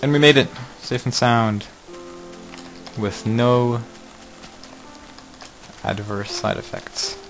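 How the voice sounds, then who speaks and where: A man's voice: mid-range voice, slow pace, pauses often, music in the background, poor audio. A man hosting a casual game video, joking and exclaiming at each mishap while he plays. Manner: jokey, exclaims at mishaps, mutters asides. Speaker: gaming video host. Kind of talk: casual let's-play commentary.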